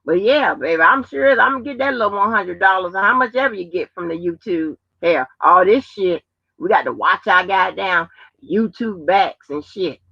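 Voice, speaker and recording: A woman's voice: mid-range voice, lively intonation, moderate pace, gravelly, pushed and bright, breathy edge, dry recording, lo-fi sound. A woman hosting a live stream in loose, profane casual chat, laughing and trailing off between points. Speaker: livestream host.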